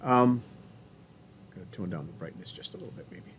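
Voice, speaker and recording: A man's voice: deep voice, expressive, fairly quick, slight background noise. A man giving a remote college lecture over a video call, chatty, often restarting his sentences and telling corny jokes.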